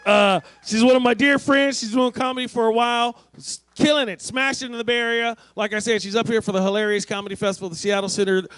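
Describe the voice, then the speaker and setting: High-voiced man emceeing a comedy stage. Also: fairly even intonation, a little fast, fairly bright tone, clean tone, no echo. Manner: loose, hype-up emcee patter. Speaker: comedy show host. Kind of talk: introducing a comedian. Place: outdoor festival stage.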